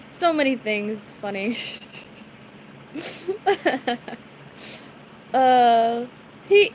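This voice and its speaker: A woman's voice: high-pitched, slight background noise, rough recording. A woman streamer chatting casually with her viewers, giggling often and greeting people in the chat by name. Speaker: live streamer.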